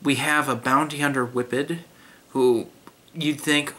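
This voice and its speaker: A man's voice: mid-range voice, fairly even intonation, measured pace, pushed and bright. A young man giving a blunt, critical spoken book review in a casual way, with many fillers and restarts.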